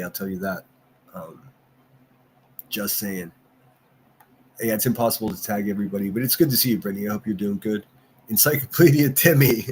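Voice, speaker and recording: A man's voice: on the low side, a little hiss or hum. A man hosting a livestream, ranting and mocking in casual commentary and answering his chat. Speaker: livestream host.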